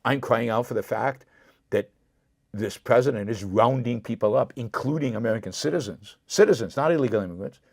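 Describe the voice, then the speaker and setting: A man's voice: mid-range voice, fairly quick, a little mellow, dry recording, studio quality. A man hosting his own show, giving impassioned political commentary, repeating points for emphasis and answering viewer comments directly. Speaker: show host.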